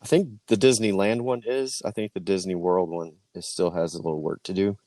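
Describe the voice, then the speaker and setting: A man's voice: low-pitched, fairly even intonation, brisk, dark tone. A man co-hosting a podcast, riffing dry jokes in casual chat. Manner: dry joking, riffs on scenarios, chuckles. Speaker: podcast co-host.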